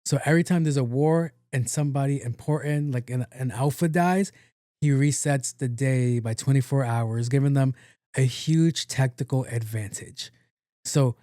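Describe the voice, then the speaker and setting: A man's voice: medium pitch, dark tone, dry recording, studio quality. A man hosting a podcast, recapping a movie in a rambling, profane, casual way and acting out the characters' lines. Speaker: podcast host.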